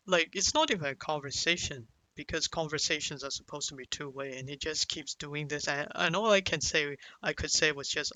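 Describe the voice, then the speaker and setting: A man's voice: fairly high pitch, a little fast, few pauses, pushed and bright, dry recording, low-quality recording. A young man telling a personal story in a rambling, profane vlog, full of fillers. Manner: rambling and profane, with many fillers like "like" and "you know". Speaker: vlogger.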